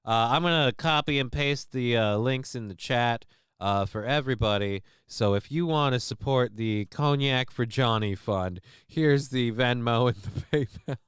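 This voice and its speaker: A man's voice: mid-range voice, moderate pace, a bit bright, clean tone, no echo, clean studio sound. A man hosting a livestream, talking casually in a rambling, profane, self-mocking way. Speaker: livestream host.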